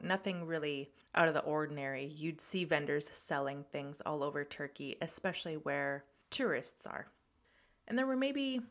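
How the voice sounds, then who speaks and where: A woman's voice: sits low, fairly bright tone. A woman hosting a podcast, telling a personal travel story in a reflective, conversational way with light laughs. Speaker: podcast host.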